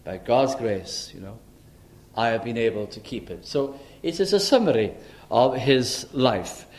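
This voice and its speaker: A man preaching an expository sermon in a measured, earnest way, often pausing with "uh" as he works through a passage. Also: mid-range voice, expressive, darkish tone.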